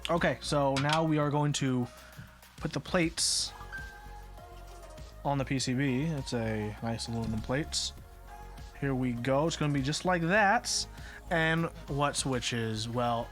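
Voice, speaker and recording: A man's voice: mid-range voice, unhurried, a bit bright, faint music behind. Casual man muttering through a build. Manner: muttering to himself, puzzled asides. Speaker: streamer building a keyboard. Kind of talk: casual live-stream commentary.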